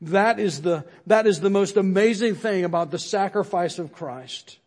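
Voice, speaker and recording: The congregation hears an earnest sermon from a pastor whose voice sits fairly high and carries a slightly mellow quality. He keeps a moderate pace, repeats phrases for emphasis, and lets his voice fall at the end of every line.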